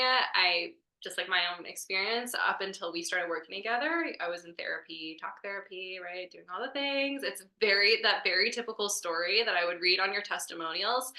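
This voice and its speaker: A woman client reflecting on her session in a halting, heartfelt way, with many fillers. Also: on the low side, sharp tone, echoey room. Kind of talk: reflective conversation.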